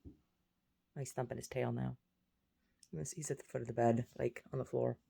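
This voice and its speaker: A woman's voice: a bass voice, steady tone, moderate pace, gravelly, dark tone, slightly rough. A woman vlogging in a rambling, chatty way, jumping between topics. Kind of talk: casual chat.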